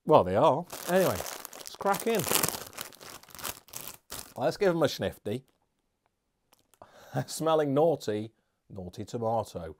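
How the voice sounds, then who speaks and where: A man's voice: medium pitch, very animated, a little slow, pauses often, a little hiss or hum. A man reviewing beer and snacks in a casual, chatty, jokey vlog with rambling asides.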